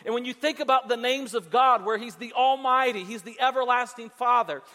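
A man preaching a sermon to a congregation, emphatic, often repeating words as he restarts and slowing down on his key points. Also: very high-pitched, sharp tone, long reverb tail. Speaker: pastor. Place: church sanctuary before a congregation.

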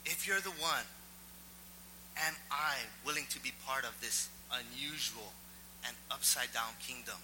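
Bright-voiced storytelling pastor in a hall. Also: male voice, mid-range voice, a little slow, a little hiss or hum. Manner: animated storyteller, self-mocking. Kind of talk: sermon with personal story.

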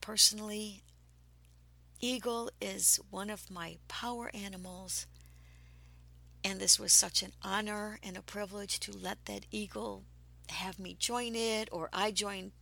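A woman telling a personal story slowly, breathy and dropping into whispers at times, then growing animated and excited. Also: medium pitch.

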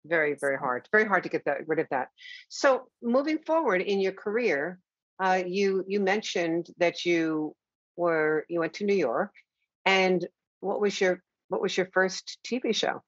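A woman hosting a conversation, talking warmly and reassuringly about her teaching. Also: fairly low pitch, animated, unhurried, dry recording. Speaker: host and teacher. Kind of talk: conversational interview. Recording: dull lo-fi dry sound.

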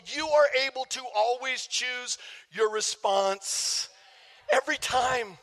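A man, a pastor preaching a sermon, telling a story with jokes for the congregation in an animated way. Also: very high-pitched, unhurried, gravelly. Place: church sanctuary. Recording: long hall reverb.

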